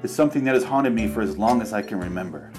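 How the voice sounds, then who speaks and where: A man with a low voice gives a mock-serious comedy confession from a shower. He plays it melodramatic and confessional, with faint music behind him. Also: quick pace. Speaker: comedy vlogger.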